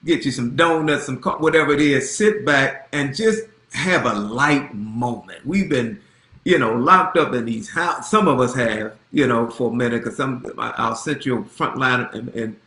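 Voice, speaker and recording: A man in his fifties, a pastor making a casual, animated church announcement, folksy and repeating himself. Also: medium pitch, roomy sound. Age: 50s.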